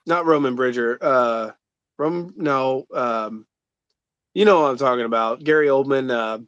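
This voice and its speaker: A man's voice: mid-range voice, measured pace, a bit bright, clear, resonant tone, dry recording, highs cut off. A man co-hosting a casual movie commentary chat, rambling with lots of fillers. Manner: rambling, lots of likes and uhs. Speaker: podcast co-host.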